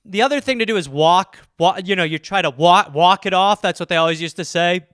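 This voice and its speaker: A man riffs alone on a comedy podcast, rambling and profane, tossing in quick silly voices. His voice sits high and sounds bright and forward. The sound is dry and close. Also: clean tone, no echo. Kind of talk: solo comedic riffing on listener topics.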